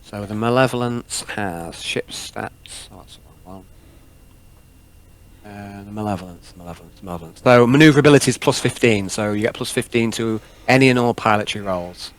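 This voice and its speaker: A man's voice: on the low side, normal speed, a little hiss or hum. Rambling man running a tabletop game. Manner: rambling, self-deprecating, scattered. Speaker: game master.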